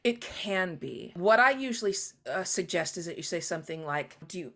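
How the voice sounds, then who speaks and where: A woman guest author talking animatedly in an interview, often acting out quoted voices with sudden high jumps. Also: lively intonation, normal speed, vocal fry, fairly bright tone. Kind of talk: conversational interview.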